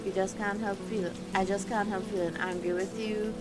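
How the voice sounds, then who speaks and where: A woman reading the lines of a grieving young woman in a game, hushed and wistful. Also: medium pitch, steady tone, normal speed, close to an everyday voice. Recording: game music behind.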